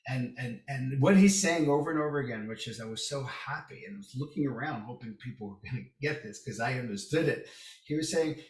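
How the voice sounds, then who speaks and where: Male podcast guest, lively storyteller who mimics others, recorded distant in a reverberant room. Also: mid-range voice, a little fast. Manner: animated, acts out quoted voices. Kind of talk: casual storytelling chat. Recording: roomy echo, distant mic.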